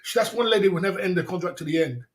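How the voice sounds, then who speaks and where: A man's voice: high-pitched, animated, very fast, slight background noise. A man hosting a livestream, telling rambling stories with many repeats and laughs. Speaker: livestream host. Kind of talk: casual storytelling.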